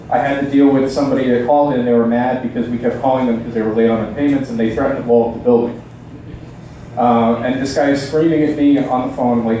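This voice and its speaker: A young man doing a halting, deadpan stand-up set at a bar open mic night. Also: medium pitch, a little hiss or hum. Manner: halting, deadpan delivery with many ums. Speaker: stand-up comedian. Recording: echoey bar sound from a distance.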